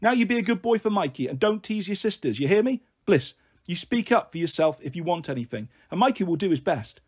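A man voicing a flighty young mother, breezy and coaxing, in a husky, higher voice. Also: big pitch swings, brisk, exaggerated voice.

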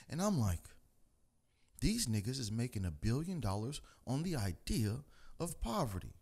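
A man from the United States tells a story in a loud, animated rant full of swearing. His pitch sits in an ordinary middle range. He talks straight to his listeners as host of his own channel. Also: moderate pace, husky. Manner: animated and profane, mimics people in higher voices.

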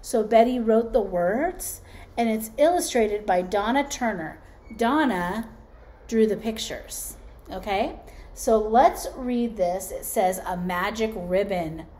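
A woman's voice: fairly high pitch, expressive, dark tone. A woman preschool teacher leading circle time and reading aloud to young children in an encouraging way. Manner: slow, encouraging, talks to children as friends.

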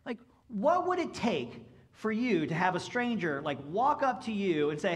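Pastor, male, high-pitched, chatty conversational sermon delivery, animated swings from loud to hushed. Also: moderate pace. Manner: casual, conversational preaching with frequent "like" and "right?"; animated, swings between loud emphatic and quiet low asides.

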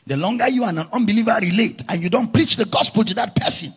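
A male pastor preaching a sermon, often shouting his lines and stretching words out for emphasis. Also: high-pitched, slightly rough, soft background music. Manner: drawn-out emphatic phrasing.

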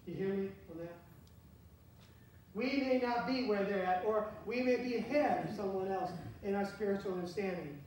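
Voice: mid-range voice, normal speed, a little mellow. A pastor giving a conversational sermon, asking the congregation questions as he goes. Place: church sanctuary. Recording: very echoey church from far off, faint hiss.

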